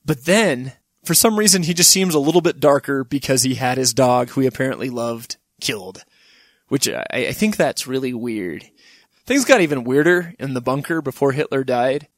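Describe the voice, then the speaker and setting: A man's voice: medium pitch, moderate pace, dry recording, clean studio sound. A man hosting a podcast, chatting casually in a rambling, digressive way and laughing at times. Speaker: podcast host. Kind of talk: casual chat.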